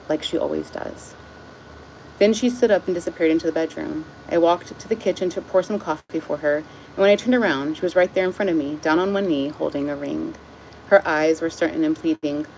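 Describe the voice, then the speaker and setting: Low gravelly woman reading emotionally. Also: a little mellow, a little hiss or hum, poor audio. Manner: emotional, close to tears. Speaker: author reading her own book. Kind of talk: reading aloud with personal asides. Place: outdoors in the sun. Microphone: phone.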